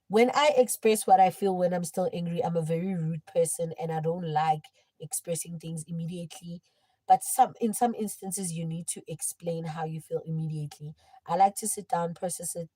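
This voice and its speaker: A young woman livestreaming, telling a personal story in casual chat and swinging between hushed and loud. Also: lowish voice, no room sound, rough recording.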